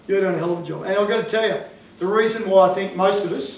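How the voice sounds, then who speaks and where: An Australian man in his forties, a coach giving a joking, animated public talk to parents. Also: high-pitched, fast talker, a little hiss or hum. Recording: echoey hall from far off, faint ambience.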